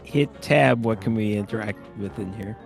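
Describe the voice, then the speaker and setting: A man's voice: fairly low pitch, moderate pace, vocal fry, soft background music. A man co-playing a video game on a stream, making dry, matter-of-fact remarks. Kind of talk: casual gaming chat.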